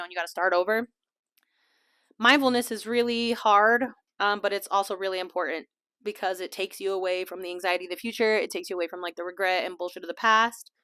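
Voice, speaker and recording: Woman podcast host just chatting, laughs a lot, goes quiet for little asides, dry close mic. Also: fairly low pitch, no room sound. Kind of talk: casual chat. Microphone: small desk mic.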